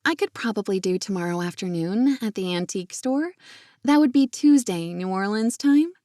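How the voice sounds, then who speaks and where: A woman's voice: medium pitch, animated, moderate pace, dark tone, no room sound, clean studio sound, close to an everyday voice. A woman voicing an eager, flustered young woman who talks in a lightly raised, breathless voice.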